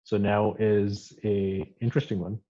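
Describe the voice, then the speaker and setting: A man hosting a casual interview, reading off quick questions and hesitating often between phrases. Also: lowish voice, level tone, dark tone, lo-fi sound. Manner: hesitant, many fillers and restarts. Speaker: interview host.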